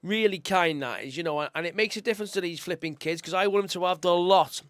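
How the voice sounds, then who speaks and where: A man's voice: sits high, fast, no echo, clean studio sound. A young man, co-hosting a casual live-stream chat, chatty and emotional and calling everyone mate. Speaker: co-host, youth football coach.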